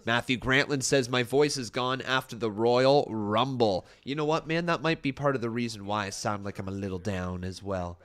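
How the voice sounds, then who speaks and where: A man's voice: medium pitch, moderate pace, hardly any pauses, fairly bright tone. A young man hosting a casual wrestling watch-along stream, chatty and reading out viewer comments, his voice a little tired and strained. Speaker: live stream host. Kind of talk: casual live-stream chat.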